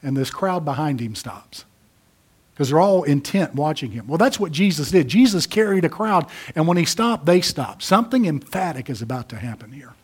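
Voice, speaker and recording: A man preaching a sermon, rising to emphatic peaks and dropping low. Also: big pitch swings, moderate pace, slightly rough. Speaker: pastor.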